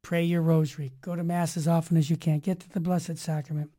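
A woman hosting a Catholic talk radio show, speaking emphatically in an energetic, preachy monologue. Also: deep voice, a little fast. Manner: emphatic, preachy, energetic, swinging loud and soft. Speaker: radio host.

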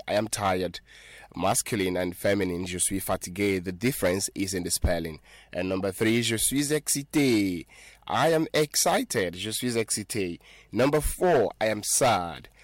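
A man gives a French lesson in a low voice, taking his time. He repeats each phrase and spells it out letter by letter. The sound is dry and close, with no room around it. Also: dry recording. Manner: patient, repeats and spells words slowly. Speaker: French teacher. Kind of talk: spoken language lesson.

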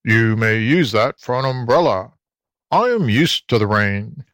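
A man's voice: medium pitch, animated, a little slow, fairly bright tone, no room sound, clean studio sound. A man voicing an obliging toad in a storybook, speaking in a grunting manner. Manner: grunting, plain. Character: gruff obliging male toad. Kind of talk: storybook reading.

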